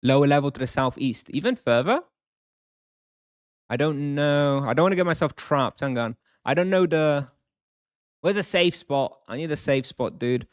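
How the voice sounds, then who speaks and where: A man's voice: a little high, normal speed, no room sound, clean studio sound. A man live-streaming a video game, thinking aloud, chatting casually and answering questions from chat.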